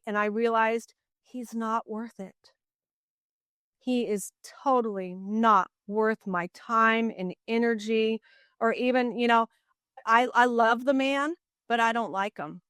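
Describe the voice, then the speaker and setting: A middle-aged woman talks through a personal story as a podcast guest, earnest and animated, with a steady "you know" running through her speech. Her voice is smooth and resonant at a medium pitch. The recording is close and dry, with no room sound. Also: no room sound. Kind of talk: casual interview storytelling.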